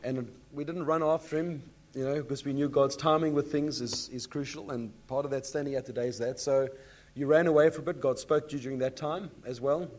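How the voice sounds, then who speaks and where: Coaxing pastor leading a testimony. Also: male voice, mid-range voice, fairly even intonation, fairly quick, darkish tone. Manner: coaxing, explains to the congregation. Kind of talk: leading a church interview. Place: church in front of a congregation.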